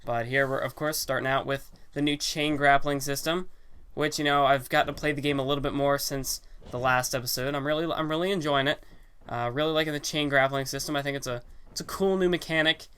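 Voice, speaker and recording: Speaking a little fast in a smooth, fairly bright voice of medium pitch and steady tone, a young man gives rambling commentary on a wrestling game. He hosts a gaming channel, and his casual talk over the game music is packed with fillers and self-corrections.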